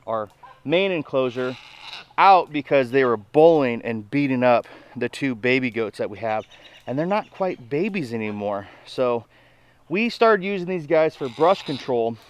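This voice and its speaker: A man with a slightly high voice gives a chatty, folksy farm vlog outdoors. He talks to the camera through a handheld mic and turns excited and sing-song when he talks to his goats. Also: clear, resonant tone. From Nebraska, USA. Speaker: homestead vlogger.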